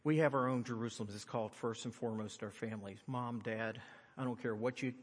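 A middle-aged man preaching a sermon, swinging from loud, high-pitched emphasis to quiet, earnest tones. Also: steady tone, a little fast. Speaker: pastor. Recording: long hall reverb.

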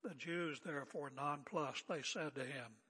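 Older guy preaching, bright husky voice, chatty and emphatic, big echoey church hall. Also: on the high side, a little slow. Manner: conversational, emphatic, joking asides. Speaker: pastor. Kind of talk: expository sermon.

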